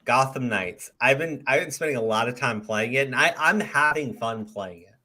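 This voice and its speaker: Male podcast host at mid pitch, loose casual chat, stumbles and restarts, curses freely. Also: moderate pace, pushed and bright. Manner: rambling, swears casually, repeats words as he restarts.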